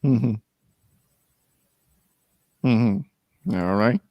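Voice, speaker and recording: A man's voice: lowish voice, extremely slow, dry recording, lo-fi sound. A man hosting a casual talk show. He speaks carefully, hesitates, restarts, and urges caution. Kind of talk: casual chat.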